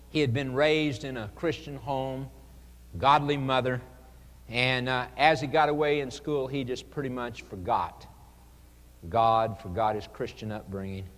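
A man delivers an earnest, pleading sermon at a slow, deliberate pace, his mid-range voice sounding like an ordinary man's. Long reverb from a large church hall trails after each phrase. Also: medium pitch. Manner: earnest, pleading evangelistic preaching with dramatic pauses. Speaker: preacher.

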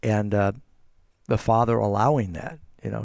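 A man's voice: lowish voice, level tone, normal speed, creaky, darkish tone, dry recording, studio quality. A man hosting a call-in Bible answer show as the pastor, earnestly explaining scripture at length to callers. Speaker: radio pastor and host.

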